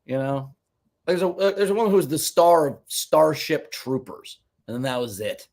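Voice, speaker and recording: A man co-hosting a casual sports podcast, an animated storyteller who swears freely. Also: fairly high pitch, normal speed, slight background noise. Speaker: podcast co-host.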